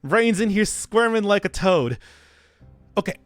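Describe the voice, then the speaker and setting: A man's voice: sits high, lively intonation, unhurried, no echo, faint music behind. A man streaming a video game, chatting casually with his viewers, rambling and laughing a lot. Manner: rambling, giggly, talks to chat. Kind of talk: casual gaming livestream chat.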